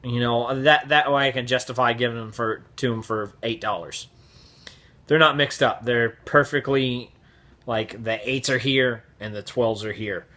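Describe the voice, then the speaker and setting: A man vlogger telling a casual story in an animated, profane way, acting out the voices. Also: medium pitch, normal speed.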